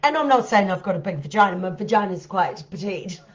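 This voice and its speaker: A woman with a medium-pitched, animated voice tells a crude story on a live stream, speaking fairly quickly. She's blunt and heavily profane, often laughing at herself. The audio has its highs cut off.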